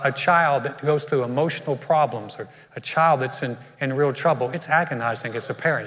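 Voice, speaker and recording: A male senior pastor preaching a sermon, animated and humorous, acting out voices from the story. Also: mid-range voice. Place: church sanctuary. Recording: long reverb of a church hall.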